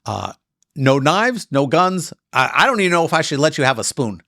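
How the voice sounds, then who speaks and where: A man hosting a casual chat, telling stories in an animated way and acting out quick asides. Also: fairly high pitch, gravelly, no echo, studio quality. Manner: animated storytelling with voiced asides. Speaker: podcast host.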